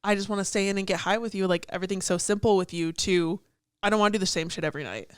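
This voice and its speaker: A young woman in her twenties talking through song lyrics in a relaxed chat, her voice smooth and clear. She fills her sentences with "like" and swears casually. The sound is dry and close, with no room around her. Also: medium pitch, rapid-fire, no echo. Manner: chatty, fond of "like", swears casually. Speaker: podcast co-host.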